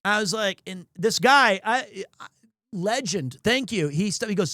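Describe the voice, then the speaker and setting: A man's voice: sits high, normal speed, sharp tone, dry recording, clean studio sound. A young man streaming live, telling a rambling story with lots of restarts and chatting with viewers. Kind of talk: casual livestream chat.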